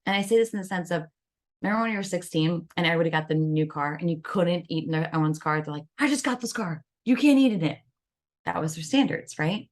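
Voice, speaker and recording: Lively woman coaching on self-love. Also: fairly low pitch. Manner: animated, acts out inner voices. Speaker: guest wellness coach. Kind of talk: podcast interview.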